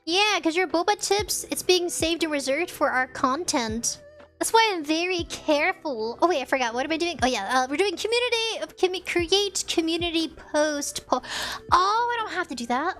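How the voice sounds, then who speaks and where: A high-voiced woman streaming live, chatting loosely with her viewers and giggling as she drifts from one thing to the next. Her voice has a slight rasp to it. Soft music plays faintly underneath. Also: expressive, normal speed. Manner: rambling, giggly, easily sidetracked. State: slightly raspy. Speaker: VTuber livestreamer. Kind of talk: casual livestream chat, reading chat messages.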